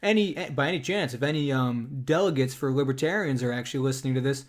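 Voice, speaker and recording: A man's voice: mid-range voice, fast talker. A man co-hosting a casual political podcast, rambling with many restarts and frequent laughter. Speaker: podcast co-host.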